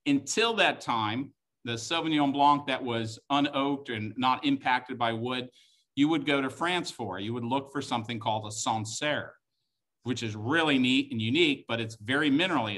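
Bright-voiced chatty wine tasting host. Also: male voice, mid-range voice. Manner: chatty, joking, enthusiastic. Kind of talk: live-streamed wine tasting class.

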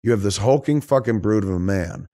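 A middle-aged man hosting a podcast, talking in a rambling, animated way and swearing often. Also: fairly low pitch, fairly quick, dry recording, studio quality. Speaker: podcast host. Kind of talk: casual chat.

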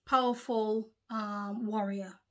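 A woman preaching a sermon to her video audience. She talks emphatically, repeats herself, and pauses to recollect. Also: mid-range voice, fairly even intonation.

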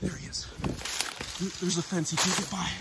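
A high-voiced man, winded from running, narrates his own outdoor vlog in bursts of excited chatter. The audio is rough phone-camera sound in an open field, with wind and outdoor noise clearly audible behind him. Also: normal speed. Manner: excited, breathless, repeating himself while chasing an animal. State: out of breath. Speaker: vlogger.

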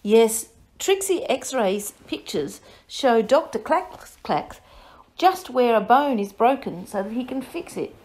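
A woman's voice: on the high side, expressive, takes it slowly, pitched above the performer's own voice. Woman doing a chirpy, kind vet nurse. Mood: reassuring. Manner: bright, sing-song, reassuring.

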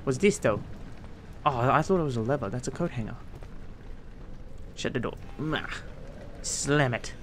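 Excitable swearing man streaming a game. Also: medium pitch, a little slow, long pauses, a little hiss or hum. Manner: swearing, excitable, talks to himself. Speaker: gameplay streamer. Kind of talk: let's play commentary.

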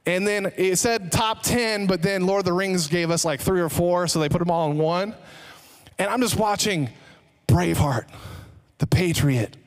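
A male pastor preaching a sermon in a church service, energetic, repeating key phrases for emphasis and tossing joking asides to the congregation. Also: high voice, moderate pace. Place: church sanctuary, live service.

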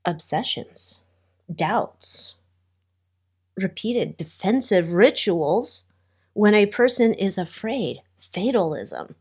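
Woman tarot reader, casual and chatty, wry asides, mid pitch. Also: lively intonation, slow pace, darkish tone, husky.

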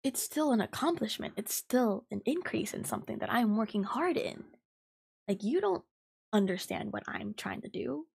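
A woman in her twenties hosting a podcast, venting heatedly and profanely about a coworker, talking fast with lots of fillers. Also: a little high, lively intonation, gravelly, darkish tone, husky. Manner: fast and emphatic. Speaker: podcast host. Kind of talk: ranting storytime podcast.

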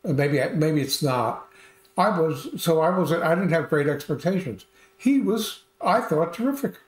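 A man's voice: a little high, expressive, measured pace. An older man co-hosting a film review, chatty and hesitant with many uhs. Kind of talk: casual review chat. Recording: roomy echo.

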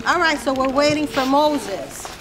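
A woman, an aunt, telling a funny family story in a casual, animated way with laughter and quick asides. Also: high-pitched, crowd noise, low-quality recording. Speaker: aunt of the deceased.

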